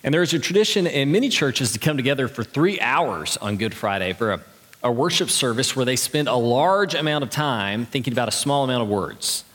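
A pastor delivering a sermon in a church, earnest and conversational with light humor. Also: male voice, mid-range voice, animated, a little fast, fairly bright tone. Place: church sanctuary. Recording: long reverb of a large hall.

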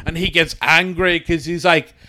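A man's voice: fairly high pitch, steady tone, normal speed, pushed and bright. A man in casual comedic podcast chat, crude and joking, often slipping into silly voices.

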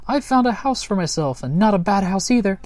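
A man reading a storybook aloud and voicing a flighty female silk monkey with a screechy, excitable, scatterbrained manner. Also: sits high, brisk, voice pushed up. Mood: shrill excited.

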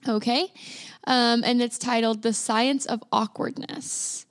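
A woman with a fairly high voice, co-hosting a podcast and reading aloud from an article. She speaks earnestly and thoughtfully. The sound is dry and close, with no room echo. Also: steady tone, slow. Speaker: podcast co-host.

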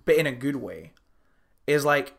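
A young man co-hosting a podcast, chatting casually, animated, swearing freely and laughing often. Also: mid-range voice, a little slow, creaky. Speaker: podcast co-host. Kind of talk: casual chat.

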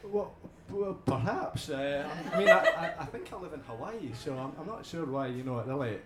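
A Scottish audience member putting on an impression of an older male film star, halting and stammering with laughter. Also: on the high side, wildly swooping pitch. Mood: mock-solemn. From Scotland. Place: comedy club. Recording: roomy venue, far from mic, loud crowd.

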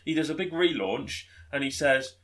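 A man's voice: a little high, animated, normal speed, fairly bright tone. A man co-hosting a casual political podcast, riffing sardonically and swearing freely. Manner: sardonic, profane riffs. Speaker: podcast co-host.

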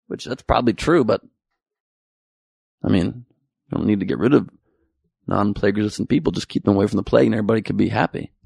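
A man's voice: fairly low pitch, quick pace, gravelly, pauses often, darkish tone, breathy edge, no echo, studio quality. A man delivering an exasperated, sarcastic comedic rant.

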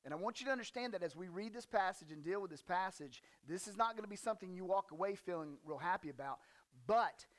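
High-voiced joking casual preacher man. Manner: folksy and joking, with slang asides; animated emphasis when reading scripture. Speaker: pastor. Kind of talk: casual conversational sermon.

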